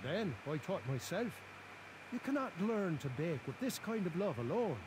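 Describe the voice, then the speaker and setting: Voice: medium pitch, very animated, normal speed, noisy background, natural voice. An actor as a jolly, hug-loving game baker. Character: jolly male baker, loves hugs.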